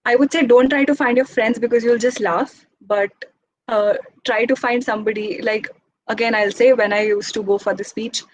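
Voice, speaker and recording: A young woman giving an informal talk as guest speaker, speaking quickly in a chatty, encouraging way. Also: on the high side, steady tone, slight background noise, rough recording. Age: young adult.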